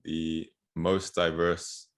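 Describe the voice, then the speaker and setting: A man talking in a relaxed, casual way in a podcast conversation. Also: low-pitched, very slow.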